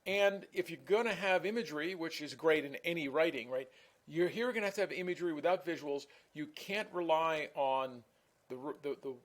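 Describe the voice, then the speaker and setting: A man giving a recorded online class lecture in a conversational way, often repeating words and restarting phrases. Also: a little high. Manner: self-admittedly talks fast.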